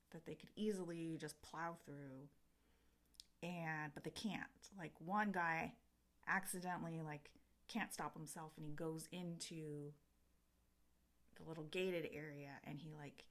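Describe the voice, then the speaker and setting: A woman's voice: sits low, a bit bright. A woman vlogger retelling a book in casual chat, rambling with lots of filler words. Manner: rambling storyteller, heavy use of filler 'like'.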